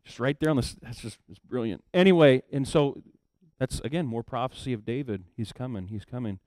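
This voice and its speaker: A man preaching a sermon in a casual storytelling way, swinging from low murmurs to loud emphatic bursts. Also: no echo, clean studio sound. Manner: casual storytelling, acts out characters in quick asides. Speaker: pastor.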